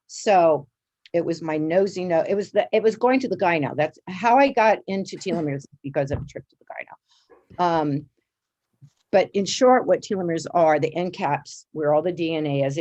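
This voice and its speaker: Low-voiced woman, animated storyteller. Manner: lively, acts out quotes with big pitch jumps. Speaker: interview guest.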